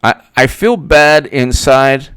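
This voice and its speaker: A man's voice: mid-range voice, takes it slowly, a bit bright, clear, resonant tone, no echo, clean studio sound. A man hosting a political commentary monologue, talking in a sarcastic, rambling way. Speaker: political commentator, channel host.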